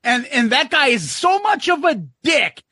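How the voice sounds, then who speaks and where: A man hosting a podcast who tells an excitable story in casual chat and acts out the people he quotes. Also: extremely high pitch, measured pace, no room sound, clean studio sound. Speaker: podcast host.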